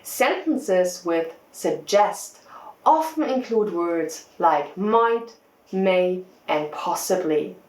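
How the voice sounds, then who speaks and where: A woman teacher narrates a scripted lesson at an unhurried, careful pace. Her pitch rises and falls expressively as she stresses key words. The room around her sounds echoey. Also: animated. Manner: clear, deliberate teaching delivery. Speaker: English test-prep teacher.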